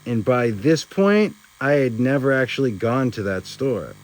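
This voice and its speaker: A man's voice: medium pitch, lively intonation, unhurried. A man casually telling a rambling personal story, swearing often and filling in with "like" and "you know".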